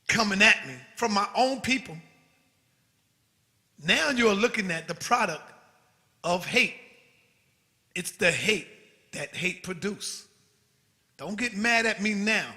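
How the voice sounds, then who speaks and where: A man with a strikingly high, sharp voice rants defiantly to his channel's viewers, swearing freely. The recording carries a long echoey reverb. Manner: forceful, defiant, profane. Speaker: channel host. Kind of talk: heated livestream rant.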